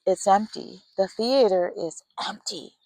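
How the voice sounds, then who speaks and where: A woman's voice: medium pitch, measured pace, no echo, poor audio. A woman giving an intuitive spiritual reading, talking straight to the listener and acting out the quoted voices as she goes. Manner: animated, acts out quoted voices. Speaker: tarot reader.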